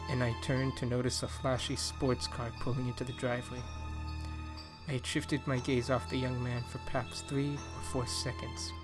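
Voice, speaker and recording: Man narrating a horror story, flat and even. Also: medium pitch.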